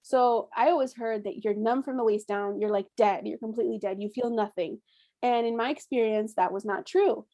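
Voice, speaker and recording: A young woman with a somewhat high voice tells her story as a workshop host. She talks in a chatty, animated way, acts out what people said, and laughs often. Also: normal speed. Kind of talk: casual storytelling.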